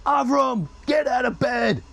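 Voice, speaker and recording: A man voicing a furious middle-aged father who owns an idol shop, shouting in exasperation. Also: very high-pitched, lively intonation, measured pace, vocal fry, slight background noise, voice pushed up, full character voice.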